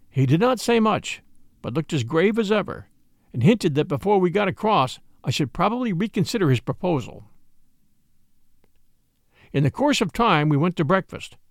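Expressive man reading a ghost story. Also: fairly high pitch, dry recording, clean studio sound. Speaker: narrator.

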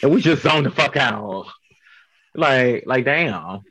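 A man's voice: medium pitch, animated, slow, a bit bright, no echo, rough recording. A man from Chicago, a drag performer chatting as an interview guest, blunt, profane and joking. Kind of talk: casual interview chat.

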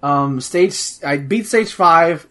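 A man's voice: fairly high pitch, slow pace, a bit bright. A man in casual chat, talking about a video game in a rambling way with many fillers and restarts, swearing now and then. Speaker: podcast host reviewing a video game.

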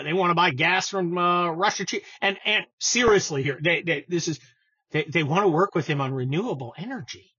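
A man's voice: a little high, pushed and bright, breathy edge, no echo, lo-fi sound. A man giving sarcastic, scornful political commentary on his show, often stumbling and restarting his sentences. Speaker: political podcast host.

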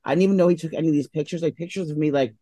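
A man's voice: on the high side, racing, dark tone, dry recording. A man in his thirties chats on a podcast, rambling loosely with plenty of "like" and "um". He sounds sleepy, as though he has just woken up. The recording is dry and close, with no room sound. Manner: rambling, full of "like" and "um", sleepy and yawning. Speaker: podcast co-host. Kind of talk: casual chat.

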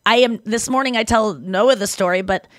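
Animated, swearing woman podcast host. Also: mid-range voice, normal speed, no room sound, studio quality. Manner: animated storyteller who acts out quotes and swears freely. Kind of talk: casual chat.

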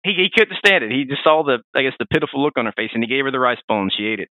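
A man hosting a podcast, telling game lore in a rambling, animated way with frequent restarts. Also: medium pitch, racing, no room sound. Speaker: podcast host. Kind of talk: casual lore discussion. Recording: dry, phone-like narrow sound.

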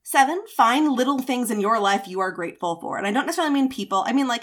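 A woman in her thirties talks through advice on a casual podcast. Her voice sits a little high, and she is chatty, with lots of fillers and playful acted-out quotes. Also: expressive, quick pace. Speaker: podcast co-host.

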